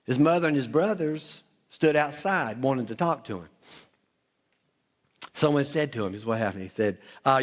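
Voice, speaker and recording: A male pastor preaching a sermon, telling the story with lively asides and acting out the townspeople's voices. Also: mid-range voice, normal speed. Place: church auditorium.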